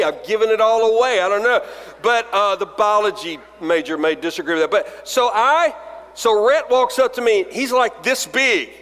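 In a large chapel with long, echoing reverb, an Alabama pastor in his forties delivers a sermon of self-deprecating, funny stories, voicing the dialogue himself. His voice sits high with a fairly bright tone.

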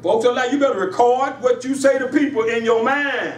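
A man preaching a Sunday sermon with a high voice that climbs on each emphatic line. His voice carries through a roomy, echoing sanctuary, picked up from a distance over a faint hiss. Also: a little fast, a crowd in the background. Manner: call-and-response preaching with rising emphatic lines and laughs. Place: church sanctuary. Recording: echoey church room, voice from afar, faint hiss.

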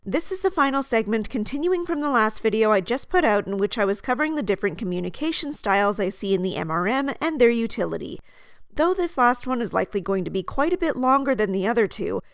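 Measured woman reading a scripted commentary. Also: fairly high pitch, sing-song, vocal fry, no room sound, clean studio sound. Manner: measured, articulate delivery. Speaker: video essay host.

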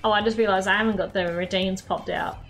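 A woman's voice: mid-range voice, steady tone, quick pace, fairly bright tone, faint music behind. An Australian woman streaming a game live, exclaiming, laughing and swearing at her mistakes. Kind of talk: live gameplay commentary.

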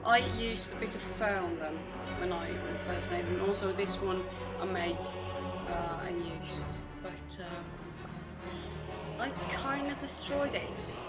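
Slow-talking woman doing a cosplay vlog. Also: lowish voice. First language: not English. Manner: rambling, halting, playful. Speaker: cosplay vlogger. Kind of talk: casual makeup tutorial chat. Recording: music playing over the voice.

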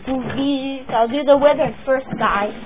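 A woman hosting a casual vlog, chatting and rambling as she shows her drawings, with the hiccups and bursts of excitement. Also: fairly high pitch, slow pace. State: has the hiccups. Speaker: channel host showing her drawings. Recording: tinny phone-like sound with faint noise.

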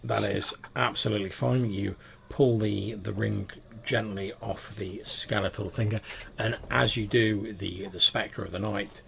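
A man's voice: fairly low pitch, fairly even intonation, unhurried, creaky, a bit bright, slight background noise. A man narrating as game master of a tabletop role-playing game, easygoing and descriptive.

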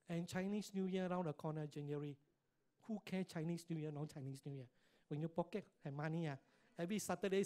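A middle-aged man with a Singaporean English accent gives a motivational talk at a business meeting, pressing the audience with constant checks for agreement. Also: high-pitched. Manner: emphatic, keeps asking the audience "right?" and "correct or not?".

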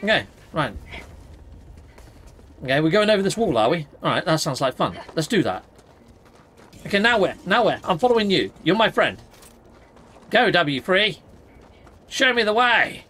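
A British man who hosts a gaming channel, talking through his play in a casual, excitable way and yelping when things go wrong. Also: on the high side. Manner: excitable, exclaims and yelps during fights. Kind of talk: casual let's-play commentary.

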